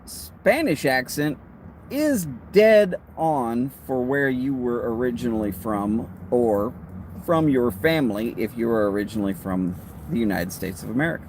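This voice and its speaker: A man with a Texas drawl hosts a laid-back livestream chat. He rambles easily from point to point with friendly asides, at an ordinary middle pitch. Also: animated, measured pace, noisy background. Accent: Texan. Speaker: host of a pipe-smoking livestream.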